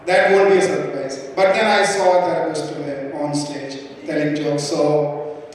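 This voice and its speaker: Halting comic on an echoey stage. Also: male voice, a little high, a little hiss or hum. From India. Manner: halting, deadpan, many restarts. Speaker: stand-up comic. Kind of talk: stand-up set. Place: comedy club stage. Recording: distant echoey live club recording. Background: audience laughter.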